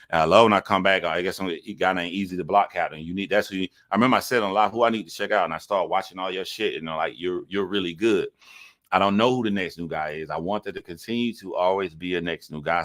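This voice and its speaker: A man's voice: low voice, fairly bright tone. A man giving casual reaction commentary to a video, talking in an earnest, rambling way with some swearing.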